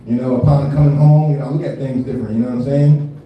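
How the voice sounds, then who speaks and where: A man's voice: medium pitch, fairly even intonation, quick pace, warm tone, faint music behind. A man in his thirties doing a live stand-up set, talking loose and profane, laughing often and leaning on filler tags. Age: 30s. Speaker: stand-up comedian. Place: live comedy venue. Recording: echoey room from far off.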